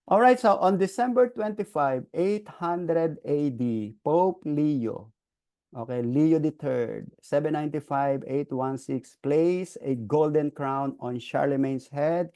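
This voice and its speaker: Man, teacher, history lecture, raised pitch, gravelly, frequent "okay". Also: warm tone. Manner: frequent "okay" checks, restarts.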